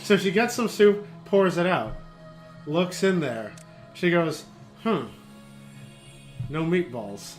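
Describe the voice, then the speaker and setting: A man co-hosting a casual gaming chat, telling an anecdote in an animated way and laughing often. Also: sits high, slow. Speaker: podcast co-host. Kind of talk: casual chat over gameplay. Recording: game music playing behind.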